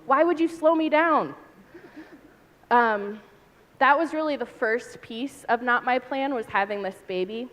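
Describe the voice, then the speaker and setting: A woman on a panel sharing a personal testimony with candid, animated telling, acting out her own past outbursts. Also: on the high side, a little slow. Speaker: panel speaker. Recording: reverberant hall.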